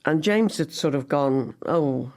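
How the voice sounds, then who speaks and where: An older woman, a guest actress on a podcast, telling animated stories with frequent laughter. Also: deep voice, normal speed. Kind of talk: podcast interview.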